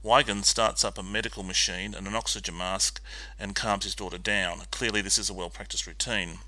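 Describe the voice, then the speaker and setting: A man co-hosting a film podcast, recapping scenes in a steady, methodical way with frequent ums. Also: lowish voice, a little fast, no echo. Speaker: podcast co-host. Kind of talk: casual film discussion and plot recap.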